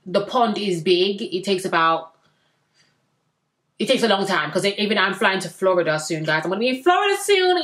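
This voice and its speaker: A young woman reviewing a reality dating show in a chatty, slangy way, with sudden excited bursts. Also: lowish voice. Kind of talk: casual recap vlog.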